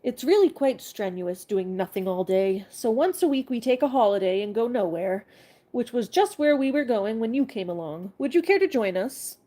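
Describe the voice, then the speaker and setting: A woman's voice: fairly high pitch, animated, moderate pace, mellow. A woman reading aloud, voicing lazy, sluggish creatures who speak in a languid, lecturing way. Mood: conciliatory.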